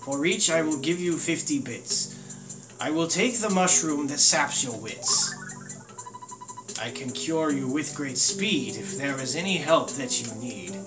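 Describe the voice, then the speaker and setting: A man's voice: a little high, expressive, unhurried, music in the background, rough recording. A man voicing a female zebra healer from a game, reading her rhymes in a mock witch-doctor voice that drifts toward a Russian accent. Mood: mystical. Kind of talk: reading game dialogue aloud.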